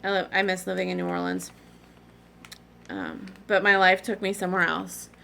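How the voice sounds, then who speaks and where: A woman's voice: on the low side, flat delivery, moderate pace, creaky, sharp tone, a little hiss or hum. A middle-aged woman rambling in a casual, digressive chat to her vlog audience, often apologizing in asides. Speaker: cross-stitch vlogger.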